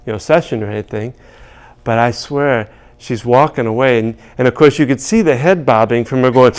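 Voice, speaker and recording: Man, EFT practitioner, smooth resonant voice, mid pitch, rambling storyteller. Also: expressive, fairly quick. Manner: rambling, many restarts and "you know"s. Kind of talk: casual teaching with anecdotes.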